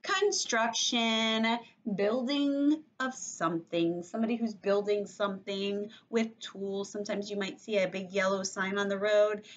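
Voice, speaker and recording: A woman teacher giving an online read-aloud lesson for young children, explaining slowly and clearly into a computer microphone, on a dull lo-fi recording. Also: medium pitch, level tone. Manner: clear, slow, sing-song explaining to kids.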